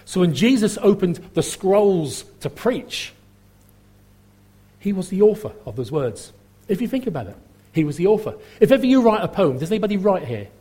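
A man's voice: sits high, very animated, normal speed, warm tone, breathy edge. A male preacher giving a sermon at a church service, talking conversationally and putting questions to the congregation.

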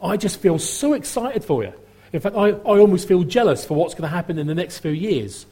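Chatty Norfolk-accented preacher, slightly husky. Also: male voice, high voice, lively intonation, fairly quick, dark tone. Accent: Norfolk English. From Norfolk, England. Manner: chatty, humorous, repeats and restarts phrases. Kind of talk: sermon.

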